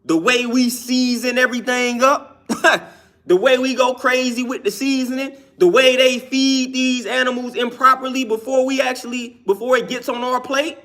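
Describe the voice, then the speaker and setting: A man's voice: very high voice, fairly even intonation, normal speed, fairly bright tone. A young man talking casually and emphatically about diet, with slangy, repetitive phrasing. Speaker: vegan health talker. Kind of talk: casual monologue.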